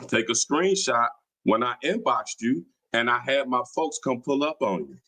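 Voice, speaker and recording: A man's voice: mid-range voice, expressive, moderate pace, pushed and bright, poor audio. A man hosting a livestream, talking in a combative, taunting, slangy way. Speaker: livestream host. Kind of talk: casual livestream talk. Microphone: streaming mic.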